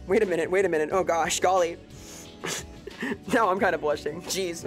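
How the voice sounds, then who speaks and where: A woman's voice: mid-range voice, sing-song, takes it slowly, long pauses, soft background music. A woman streamer chatting casually while playing a game, talkative, laughing often and answering chat.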